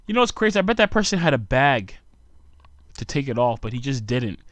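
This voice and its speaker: A man's voice: medium pitch, sing-song, brisk, fairly bright tone, no room sound. Tired, sarcastic young man ranting, dry sound. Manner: sarcastic, rambling rant with frequent asides. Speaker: podcast host. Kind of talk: solo podcast monologue.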